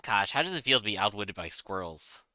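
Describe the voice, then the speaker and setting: A man's voice: on the low side, big pitch swings, brisk, bright, forceful tone, no room sound. A man playing a tabletop game, chatting casually and joking with the group. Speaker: player.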